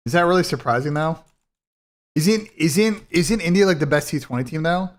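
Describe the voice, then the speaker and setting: This esports streamer and commentator has a slightly high voice and a moderate pace, and he's animated as he runs a live watch party. He rambles and starts over often, talking bluntly and swearing casually.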